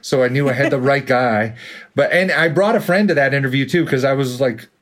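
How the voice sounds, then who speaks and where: A man's voice: mid-range voice, a little fast, a bit bright. A man with a light Boston accent telling a long story in a casual interview, with many fillers and restarts. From Boston area, USA. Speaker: author guest.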